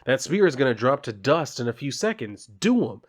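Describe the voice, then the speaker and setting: A man's voice: medium pitch, very animated, moderate pace. A man reading aloud the lines of a gleeful, taunting male alien symbiote killer from a comic, in a mocking, playfully menacing way.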